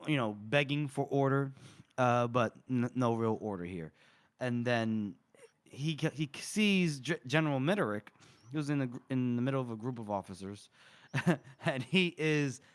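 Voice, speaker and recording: A man's voice: mid-range voice, measured pace, a bit bright. A man co-hosting a podcast, recapping a book in a rambling, casual way with frequent laughs. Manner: rambling, laughs often, many fillers. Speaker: podcast co-host.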